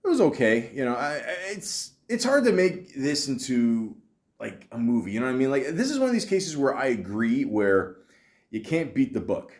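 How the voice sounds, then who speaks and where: A man's voice: medium pitch, sing-song, normal speed, a little mellow. A man hosting a podcast, chatting casually about films in a rambling way with lots of fillers and the odd swear word. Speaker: podcast host. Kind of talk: casual film-talk podcast chat.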